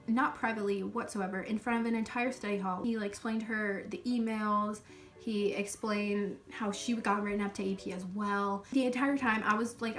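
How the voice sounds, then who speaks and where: Young woman ranting thru a storytime vlog, swears a lot, mic kinda far off. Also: mid-range voice. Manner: animated, dramatic retelling with swearing and many "like"s. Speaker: vlogger.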